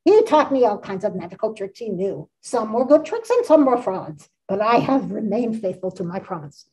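A woman's voice: mid-range voice, big pitch swings, moderate pace, warm tone, far from the mic, close to an everyday voice, poor audio. A woman reading aloud the lines of an old witch from a storybook, who confesses her past deeds. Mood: confessing.

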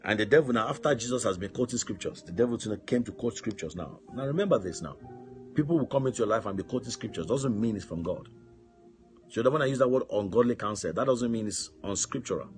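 A man's voice: fairly low pitch, expressive, brisk, soft background music. A male pastor preaching a sermon with fervor, punctuating his points with amen and hallelujah.

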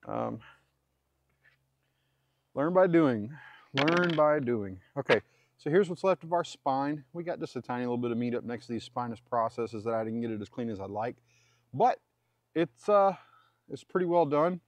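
A man's voice: medium pitch, normal speed, long pauses, a little mellow. A man casually talking through a hands-on butchering job, rambling and correcting himself as he goes. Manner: rambling, self-correcting, chatty asides. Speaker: homesteader demonstrating butchery. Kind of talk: casual how-to commentary while working.

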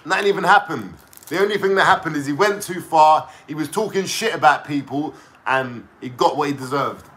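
A man's voice: fairly high pitch, brisk, fairly bright tone. A young man with a London accent, ranting casually to camera in a slangy, mocking, swearing way. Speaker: vlogger.

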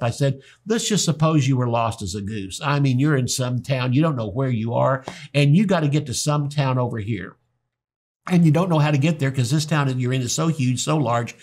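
A middle-aged pastor preaching to his congregation. He teaches by telling stories and slips into the voices of the people in them. His voice sits a little higher than most men's. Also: darkish tone. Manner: storytelling preacher, acts out quoted people. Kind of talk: sermon teaching.

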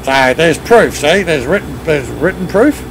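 A man with an Australian accent hosts a relaxed live stream, bantering with friends while reading viewer comments aloud. His voice sits a little high and has a gravelly edge. A faint hiss lies under the talk. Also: measured pace. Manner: chatty, reads and answers chat while driving. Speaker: streamer leading a truck convoy. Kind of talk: casual live-stream chat.

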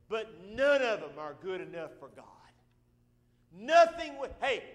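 A man with a Southern US accent preaching a sermon as pastor, swinging between loud shouted emphasis and quiet asides. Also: very high voice. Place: church sanctuary. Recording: long church-hall reverb.

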